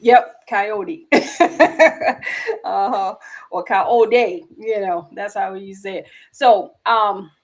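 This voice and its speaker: A woman's voice: mid-range voice, fairly even intonation, takes it slowly, long pauses. A woman hosting an online info session in a casual, chatty way, laughing often and poking fun at herself. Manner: chatty, giggly, self-deprecating. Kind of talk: casual livestream chat.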